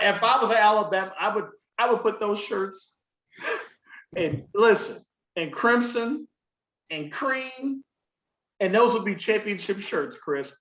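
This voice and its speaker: A man co-hosting a podcast who tells stories in a lively, laughing, profane way, his voice sitting a little high for a man. He sounds recorded in a roomy space with a slightly muffled, dull tone. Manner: animated, swearing, laughing storyteller. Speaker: podcast co-host. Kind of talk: casual chat.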